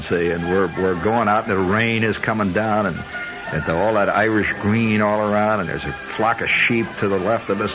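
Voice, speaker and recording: A man hosting a radio show, telling a long digressive story in a chatty way, full of asides. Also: deep voice. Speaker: radio host. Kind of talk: rambling storytelling monologue. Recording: dull lo-fi 1970s radio broadcast with faint music.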